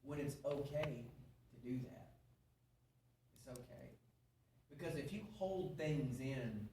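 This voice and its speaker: A man's voice: medium pitch, lively intonation, slow, background noise. Earnest man preaching in a roomy hall. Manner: folksy, earnest, repeats himself, asks the audience questions. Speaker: speaker at a men's meeting. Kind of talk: sermon-style storytelling. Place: church hall before an audience. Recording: roomy, distant live hall recording.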